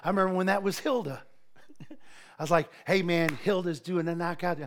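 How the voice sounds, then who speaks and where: Male pastor, high-pitched, animated sermon delivery. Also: brisk. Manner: animated preaching with asides and laughter.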